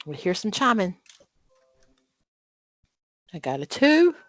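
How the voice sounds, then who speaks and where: Speaking slowly at a medium pitch, a very animated woman leads an exam prep study group online, and the recording is dry. She reads out practice questions, then quizzes and explains conversationally, frequently using fillers and stopping to correct herself.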